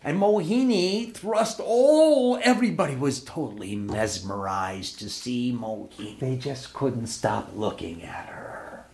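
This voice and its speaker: A man giving a devotional discourse as a spiritual teacher, retelling a sacred story in an expressive storytelling manner. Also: mid-range voice, unhurried, hardly any pauses.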